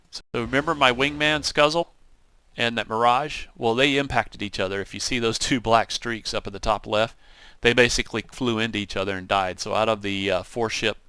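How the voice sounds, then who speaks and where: Bright-voiced man narrating his flight footage. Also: lowish voice, smooth, no room sound. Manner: animated storytelling, acts out radio calls. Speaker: gaming channel host. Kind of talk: casual gameplay commentary.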